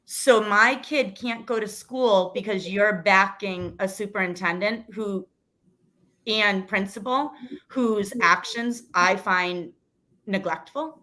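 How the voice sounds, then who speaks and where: A woman's voice: medium pitch, takes it slowly, bright, forceful tone. A woman in her thirties or forties, a school committee candidate, telling a personal story as a guest in a casual interview, earnest and emotional, with frequent restarts.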